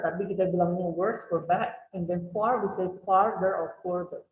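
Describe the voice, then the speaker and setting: High-voiced teacher in an echoey hall. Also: male voice, fairly even intonation, brisk, a little hiss or hum. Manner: switches between English and Indonesian, asks students questions. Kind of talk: classroom explanation. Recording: echoey hall over a tinny line.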